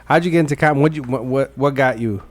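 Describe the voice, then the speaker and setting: Speaking quickly with a medium-pitched voice, a man hosts a podcast in casual conversation. He rambles, swears freely, and acts out the people who appear in his stories.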